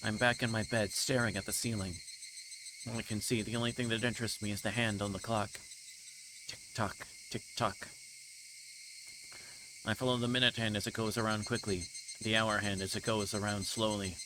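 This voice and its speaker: A man's voice: on the low side, little pitch movement, fast talker, noisy background, natural voice. A man streamer reading aloud as a delirious, guilt-ridden young girl, repeating himself in anguish and stumbling over a few words. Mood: dazed. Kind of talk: dramatic reading of game text.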